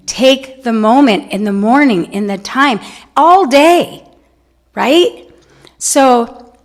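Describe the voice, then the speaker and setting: A middle-aged woman speaks to a spiritual congregation in an unhurried, drawn-out way, leaning into personal stories and asking "right?" again and again. Her voice sits a little high, with a gravelly, fry-edged texture. She laughs easily between her points. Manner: storytelling with laughter and frequent "right?". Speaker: guest speaker at a spiritual center. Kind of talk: inspirational spiritual talk.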